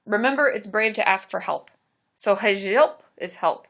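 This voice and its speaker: A woman's voice: medium pitch, expressive, a little slow, fairly bright tone. A woman therapist hosting a casual live Q&A stream, chatty and giggly as she reads viewer comments aloud.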